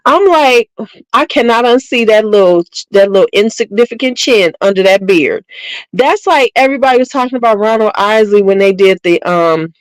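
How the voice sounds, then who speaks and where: A woman's voice: mid-range voice, expressive, normal speed, no room sound, low-quality recording. A middle-aged woman hosting her channel, chatting casually and bluntly with viewers in a gossiping, slangy way. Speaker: beauty channel host.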